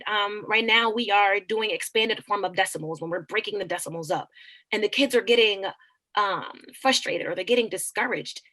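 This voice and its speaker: A woman teacher and author talking earnestly in an interview, animated and preachy, often restarting her words. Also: on the high side. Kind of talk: conversational interview.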